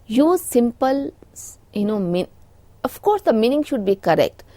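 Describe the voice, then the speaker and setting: A woman's voice: fairly high pitch, big pitch swings, unhurried, dark tone, no echo. A middle-aged woman with an Indian English accent giving a recorded lecture, explaining points with frequent "you know" fillers.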